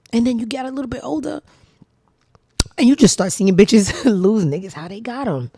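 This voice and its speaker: A woman's voice: medium pitch, expressive, normal speed, warm tone, no echo, clean studio sound. A woman hosting her own show, giving casual gossip commentary in a blunt, sassy, profane way. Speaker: show host.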